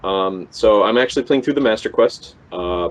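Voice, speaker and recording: A man's voice: fairly low pitch, normal speed. A young man co-hosting a podcast, talking casually and hesitantly with many ums and restarts. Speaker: podcast co-host. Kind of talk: casual chat. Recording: dull lo-fi podcast recording.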